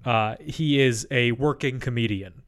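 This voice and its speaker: A man co-hosting a podcast over a remote call, telling rambling stories with deadpan asides. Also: mid-range voice, measured pace. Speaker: podcast co-host. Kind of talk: casual chat. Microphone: remote call mic.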